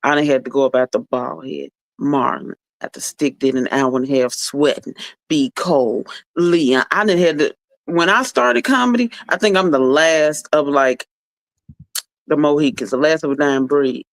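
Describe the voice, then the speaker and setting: A woman's voice: low-pitched, moderate pace, gravelly, no room sound. A woman comedian talking as a podcast guest, blunt and profane, telling stories in casual slang.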